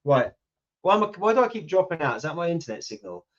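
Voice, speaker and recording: A man's voice: a little high, big pitch swings, fast, fairly bright tone. A man in his fifties with a British accent, chatting casually with viewers on a livestream and answering their comments. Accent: British English. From United Kingdom. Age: 50s. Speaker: YouTube channel host. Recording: lo-fi livestream audio.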